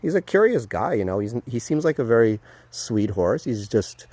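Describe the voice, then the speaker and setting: A man vlogging casually outdoors at a horse paddock, excited and chatty, with lots of fillers, filmed on a handheld phone. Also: medium pitch, moderate pace, slight background noise. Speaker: vlogger, dog trainer. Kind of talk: casual vlog to camera.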